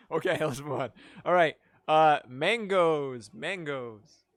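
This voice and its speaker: A man's voice: fairly high pitch, slow, no echo, clean studio sound. A man hosting a live improv comedy game over a video call, chatty and laughing often. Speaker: improv show host.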